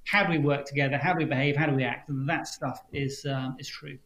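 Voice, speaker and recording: A man speaking as a guest author in a livestream interview, telling his stories in a brisk, animated way. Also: medium pitch, rough recording.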